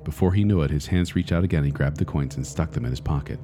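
A man podcast host reading a spooky children's story aloud in a deliberate manner that builds suspense. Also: extremely low pitch, warm tone.

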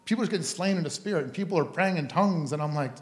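A man with a French-Canadian accent, a preacher telling a lively testimony story with many restarts. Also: a little high, very fast, reverberant. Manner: animated, chatty, many restarts.

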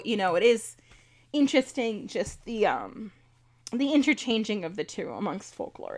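A woman co-hosting a podcast in casual chat, reading folklore notes with many ums and laughing at her own mispronunciations. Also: a little high. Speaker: podcast co-host.

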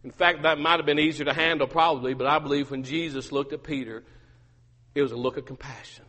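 A man's voice: on the high side, steady tone, fast, sharp tone, in a large hall. A male pastor preaching a sermon, emphatic and repetitive, with humorous asides.

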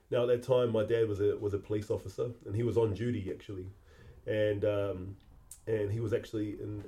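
A middle-aged podcast host recalls a personal memory in a halting, reflective way, often repeating words. His voice is on the low side, with a dark tone.

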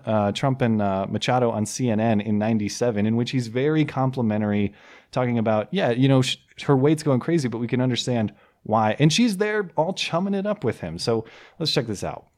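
A man's voice: medium pitch, a little mellow. A man hosting a political podcast in casual, rambling chat, sarcastic and mocking in tone. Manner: rambling with restarts. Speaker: podcast host.

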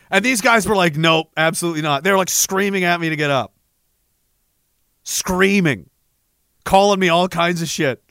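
A man's voice: on the high side, normal speed, pushed and bright, smooth, no room sound, clean studio sound. A man in his twenties, a military veteran, casually telling a profane, self-mocking story and laughing often.

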